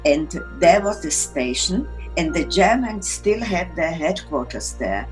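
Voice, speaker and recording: A woman, recounting her life in an interview in halting, broken English as she searches for words. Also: fairly low pitch, very animated, darkish tone, soft background music, rough recording. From Czechoslovakia. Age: 80s. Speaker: interviewee, Holocaust survivor. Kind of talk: personal storytelling in interview.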